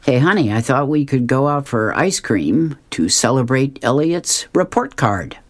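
A man's voice: mid-range voice, very animated, a little slow, no room sound. A man voicing a cheerful, joking husband and father from a comic strip. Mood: upbeat.

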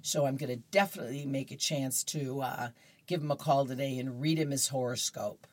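Low husky chatty woman host. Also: a little fast. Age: middle-aged. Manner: chatty, laughs easily. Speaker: host reading horoscopes and comics. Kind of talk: casual radio-style chat.

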